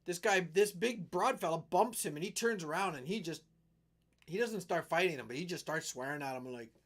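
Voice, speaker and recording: A middle-aged man from western Canada hosts his own live stream and tells a long, rambling story in a casual way. His voice sits a bit high for a man. He gets animated and slips into the voices of the people in the story. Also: brisk. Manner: rambling, animated storyteller who acts out quotes.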